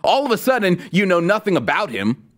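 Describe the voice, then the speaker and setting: A man's voice: high-pitched, brisk. Sarcastic man hosting a commentary podcast. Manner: sarcastic, mocking, animated. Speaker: podcast host. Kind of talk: political commentary podcast with ad read.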